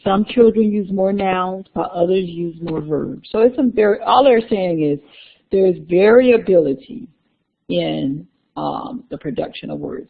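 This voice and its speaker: A woman lectures a classroom at an unhurried pace, going over key terms more than once and tossing in chatty asides to her students. Her voice has a gravelly edge. It comes through a thin, tinny recording. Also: lowish voice. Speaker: university lecturer.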